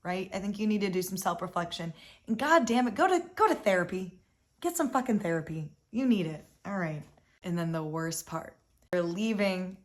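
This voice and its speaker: A young woman hosts a casual reality-show recap, sounding animated and exasperated, dropping "like" constantly and cursing freely. She speaks at a moderate pace in a mid-range voice.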